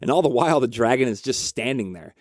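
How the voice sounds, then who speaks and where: A man in casual storytelling mode who counsels couples, talking in an animated, conversational way with lots of fillers. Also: medium pitch, fast, dry recording, clean studio sound. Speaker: marriage counselor.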